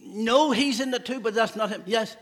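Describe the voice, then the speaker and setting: A man's voice: very high-pitched, moderate pace, a bit bright. A man, a pastor giving a playful children's talk in a church service, asking the children questions. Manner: playful, asks children questions, laughs often.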